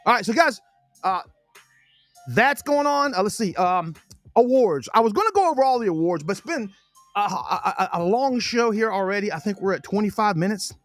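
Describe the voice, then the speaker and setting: Chatty high-voiced man hosting a sports show. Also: lively intonation, normal speed, dry recording, soft background music. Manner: chatty, repeats himself, talks with his mouth full. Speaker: podcast host. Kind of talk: casual sports talk.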